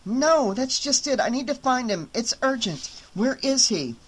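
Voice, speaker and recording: A man's voice: very high-pitched, animated, a little slow, a bit bright, slightly rough, pitched above the performer's own voice, full character voice. A man reading an audiobook, voicing an anxious, persistent young woman in a raised, pressing voice. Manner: urgent, pressing questions.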